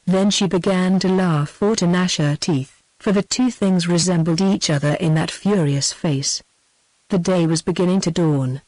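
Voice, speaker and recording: A synthetic text-to-speech voice of a British woman reading a novel aloud in an even, machine-read way, sometimes speaking punctuation marks aloud. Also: fairly low pitch, normal speed, no echo, low-quality recording. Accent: British English. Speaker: narrator. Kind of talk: scripted audiobook narration.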